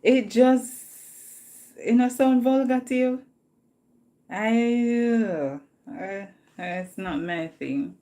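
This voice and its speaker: A woman's voice: fairly high pitch, extremely slow, mellow. A woman with a Jamaican accent chatting casually with viewers on a live stream, talkative and laughing often. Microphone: phone.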